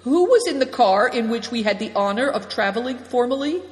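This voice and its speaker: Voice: medium pitch, expressive, brisk, voice pushed up, close to an everyday voice. A storyteller voicing a polite companion who speaks formally and courteously, in an echoey room. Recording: echoey room with long reverb.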